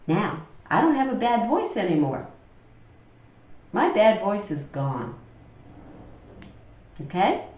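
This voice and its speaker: A woman with a lowish, slightly mellow voice, picked up by a distant mic, leads an interactive teaching talk as a spiritual teacher. She questions her group and acts out inner voices in a teaching room that sounds echoey from afar.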